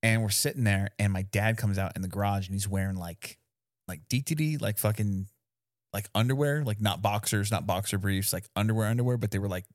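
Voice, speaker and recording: A man's voice: on the low side, a little fast, no echo, clean studio sound. A man co-hosting a podcast in casual chat, telling a family story with easy laughs and swearing. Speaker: podcast co-host.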